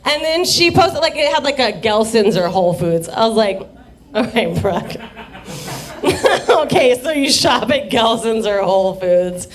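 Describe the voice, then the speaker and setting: A woman's voice: a little high, sing-song, normal speed, few pauses. A young woman doing a rambling, profane stand-up set in a bar, often laughing at her own jokes. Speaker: stand-up comedian. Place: dive bar comedy stage.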